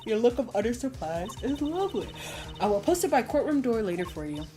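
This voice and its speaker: A woman voicing a nervous female waitress witness in a game, in a weak put-on Russian accent and halting broken English. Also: on the high side, big pitch swings, warm tone, pitched above the performer's own voice. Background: game music.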